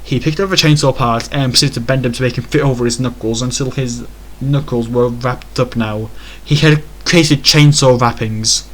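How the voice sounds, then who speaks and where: A man's voice: medium pitch, fairly even intonation, moderate pace. A man reading fan fiction aloud for comedy, stumbling over words and breaking into incredulous, exasperated asides.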